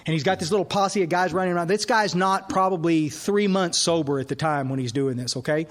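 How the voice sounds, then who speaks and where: Animated man telling a story. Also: on the high side, brisk. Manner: animated storyteller, acts out dialogue. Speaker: AA speaker. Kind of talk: storytelling talk at a recovery workshop. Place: workshop hall.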